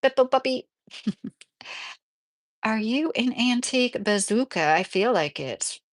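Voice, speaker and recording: A woman's voice: on the high side, animated, slow pace. Chatty woman streamer in her thirties. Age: 30s. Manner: chatty, laughs often, reads comments aloud. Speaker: livestream host reading chat. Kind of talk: casual livestream chat. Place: mobile home indoors.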